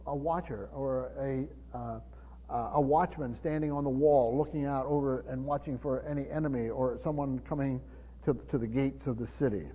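A man preaching a Bible-teaching sermon, stumbling over repeated words and asking the congregation questions. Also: fairly high pitch. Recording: dull hall recording with reverb.

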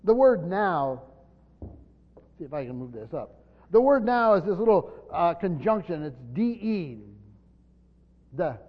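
A man's voice: high-pitched, very animated, measured pace, pauses often. A man pastor teaching through a Bible passage verse by verse, often restarting his sentences and stressing key points, recorded in a church hall. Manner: stumbling restarts, emphatic rises on key points. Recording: dull sound, long hall reverb.

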